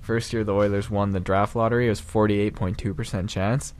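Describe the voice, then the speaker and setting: Chatty young man, low voice. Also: little pitch movement, brisk, darkish tone, slight background noise. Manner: joking, chatty. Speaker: sports podcast host. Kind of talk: casual banter.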